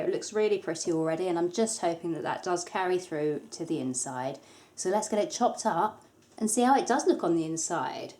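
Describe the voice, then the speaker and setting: Her voice is medium in pitch and warm. She's an English soap maker hosting a craft tutorial, casual and chatty, with a light touch of self-deprecating humour.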